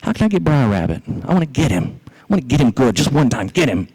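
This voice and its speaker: Brief: man doing a plotting storybook fox, Southern, muttering to himself, middle pitch. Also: very animated, fast talker, a little mellow, husky, no echo, rough recording. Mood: scheming. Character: scheming, resentful male fox.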